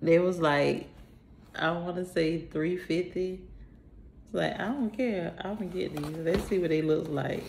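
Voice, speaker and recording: Chatty woman vlogger, low slow voice. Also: creaky, a little mellow, slight background noise. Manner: chatty, talks to herself, sighs, drawn-out greetings. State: a little out of breath. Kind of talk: casual unboxing chat.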